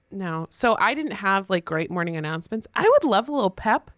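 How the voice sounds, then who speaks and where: A woman's voice: mid-range voice, expressive, brisk, few pauses, no room sound, studio quality. A woman, a teacher co-hosting a podcast, chatting casually with emphatic reactions.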